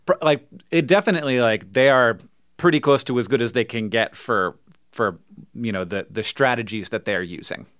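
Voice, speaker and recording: A man's voice: mid-range voice, normal speed, fairly bright tone, dry recording, clean studio sound. A man co-hosting a podcast, chatting casually with lots of fillers and laughs, then reading ads. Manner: rambling, filler-heavy, laughs often. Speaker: podcast co-host. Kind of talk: casual chat and ad reads.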